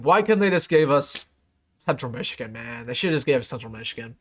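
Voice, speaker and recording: A young man hosts a casual live sports stream and runs through his picks. His voice sits a little high, and his delivery is excitable and emphatic. He often repeats a line to drive the point home. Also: a little fast. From United States. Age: young adult. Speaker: sports channel host.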